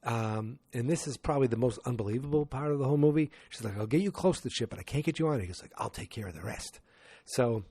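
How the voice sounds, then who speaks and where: Guy podcasting about a movie, kinda low warm voice, rambly, does the characters' lines, dry close mic. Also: dry recording. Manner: rambling retelling with acted-out quotes. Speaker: podcast host. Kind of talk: casual movie recap.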